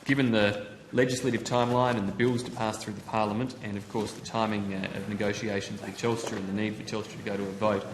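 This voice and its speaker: Man, senator, quick insistent questions, echoey room, noisy. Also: fairly low pitch, little pitch movement. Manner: persistent, pressing, fast-talking. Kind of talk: parliamentary questioning. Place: parliamentary committee room. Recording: echoey room with clear noise.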